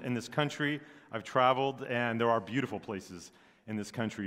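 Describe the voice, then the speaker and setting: Middle-aged pastor in a reverberant church. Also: male voice, mid-range voice. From Southern California. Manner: joking, relaxed, many fillers. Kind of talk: sermon introduction. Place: church sanctuary. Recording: long church hall reverb.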